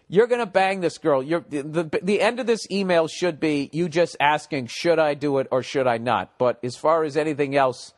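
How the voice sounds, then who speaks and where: A man hosting a comedy podcast, rambling profanely and mocking listener emails, his voice a little cracked. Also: a little high. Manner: profane, sarcastic, reads listener emails aloud. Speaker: podcast host.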